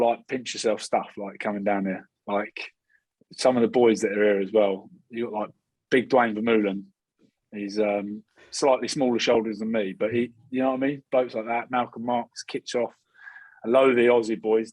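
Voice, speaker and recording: A man in his thirties from Scotland chats on a video call with a slightly husky voice. He rambles cheekily through his stories. The sound is dry and close, with little room behind it. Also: medium pitch, normal speed, a little mellow, no echo, low-quality recording. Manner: cheeky, rambling banter with laughs. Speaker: rugby player, regular co-host. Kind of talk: casual chat.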